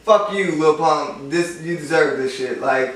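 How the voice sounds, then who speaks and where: A man's voice: on the high side, a little slow, a bit bright. A man reviewing an album in casual chat, rambling and profane with lots of fillers. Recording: echoey room, far from mic.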